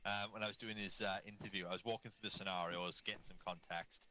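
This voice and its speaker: A man's voice: sits low, steady tone, quick pace, pushed and bright, a little hiss or hum. A man leading a gaming unit, chatting casually over voice chat and acting out the quotes in his stories. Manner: chatty storyteller, acts out quotes. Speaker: milsim unit leader.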